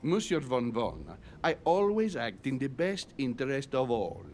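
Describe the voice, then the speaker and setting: A man's voice: medium pitch, very animated, moderate pace, darkish tone, faint music behind, lightly acted. A man playing a formal, principled delegate. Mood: firm. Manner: formal, firm. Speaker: game character. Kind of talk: video game voice acting.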